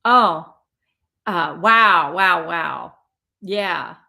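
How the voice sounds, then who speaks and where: A woman's voice: on the low side, expressive, extremely slow, creaky, bright, forceful tone. A woman hosting a casual live stream who reads viewer comments aloud. She talks in a chatty, encouraging way, often restarting her sentences and praising her viewers. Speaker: live stream host and spiritual coach.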